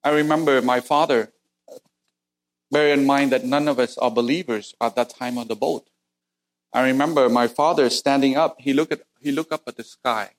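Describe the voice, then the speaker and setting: This middle-aged preacher from Vietnam shares personal testimony in a sermon, keeping a steady tone and moderate pace at an average pitch. His storytelling is sincere and plain, though his voice shoots upward at the most intense moments.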